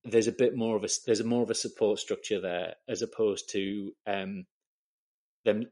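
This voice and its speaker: A man with an English accent talks casually as an interview guest. His voice sits low, and he tells stories with plenty of swearing. He pokes fun at himself as he goes. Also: steady tone, normal speed, dark tone. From England. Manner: sweary, self-deprecating storyteller. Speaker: guest, camera assistant.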